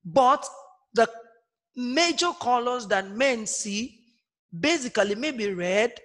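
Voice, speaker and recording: A man's voice: very high-pitched, animated, slow pace, fairly bright tone. A man teaching an online primary school lesson, repeating each point and asking his pupils questions. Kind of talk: online class lesson for children. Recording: long hall reverb.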